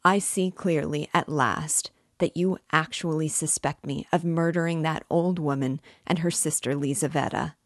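A woman reading an audiobook voices an overwrought young male student who speaks loudly and defiantly. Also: low voice, steady tone, normal speed, hardly any pauses, no echo, studio quality. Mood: furious. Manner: loud, insistent, defiant.

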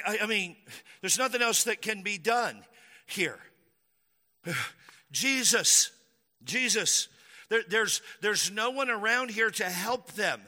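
A man's voice: high-pitched, bright, forceful tone, voice pushed up, exaggerated voice. A man voicing an anxious adult male disciple who pleads and stammers with worry. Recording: long hall reverb.

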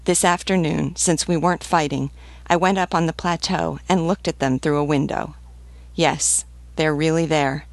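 A blunt, fiercely protective army sergeant, read by a woman in an audiobook reading. The voice is gravelly with a dry, close sound. The delivery is earnest and pleading. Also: low voice, fairly even intonation, normal speed, no room sound.

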